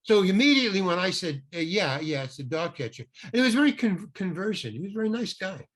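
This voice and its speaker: An older man, a guest actor, telling an anecdote in an animated way and acting out the people he quotes. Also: sits high, fast talker. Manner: animated, acts out quoted voices. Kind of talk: anecdotal storytelling.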